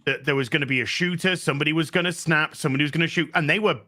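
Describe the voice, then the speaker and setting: A man's voice: on the high side, racing, bright, forceful tone. A man co-hosting a casual panel chat, talking with enthusiasm and stumbling over his words. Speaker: co-host.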